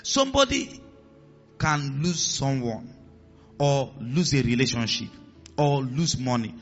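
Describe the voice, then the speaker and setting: A man's voice: medium pitch, lively intonation, takes it slowly, highs cut off, faint music behind. A man preaching a sermon as pastor, acting out voices in his stories and dropping to a hiss for commands. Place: church hall with a congregation.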